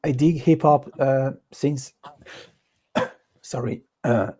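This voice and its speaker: A man's voice: mid-range voice, slow, dark tone. A man with a French accent answering interview questions in a hesitant way. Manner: hesitant, many fillers and restarts. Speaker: guest.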